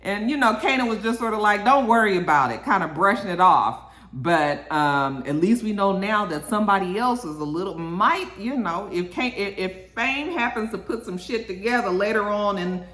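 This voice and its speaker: A woman's voice: moderate pace, reverberant. A woman casually recapping a TV episode, acting out the characters' lines and checking in with "okay?". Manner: animated, swaps into high voices for characters, frequent "okay?". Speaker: TV episode reviewer. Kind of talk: casual recap with acted-out quotes.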